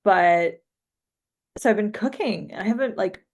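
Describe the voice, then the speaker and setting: A woman's voice: medium pitch, a little slow, a little mellow, lo-fi sound. A woman co-hosting a podcast, talking in hesitant, filler-heavy casual chat and laughing often. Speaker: podcast co-host.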